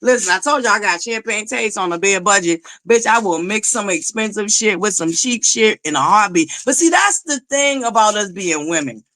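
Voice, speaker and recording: A woman's voice: medium pitch, animated, normal speed, hardly any pauses, a bit bright, no room sound. A woman hosting a casual livestream chat, talking straight to her viewers in a sassy, joking way, laughing often. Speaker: livestream host.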